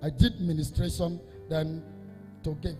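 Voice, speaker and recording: A man, a Catholic priest, preaching an emphatic sermon that repeats phrases and swells into half-sung, shouted lines. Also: on the high side, level tone, a little slow, in a large hall, soft background music.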